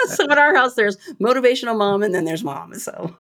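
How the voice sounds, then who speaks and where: A woman guest on a podcast interview, telling lively anecdotes and laughing often. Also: medium pitch, normal speed. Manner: animated storyteller, laughs often. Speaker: guest, retired rear admiral and speaker. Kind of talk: casual interview chat.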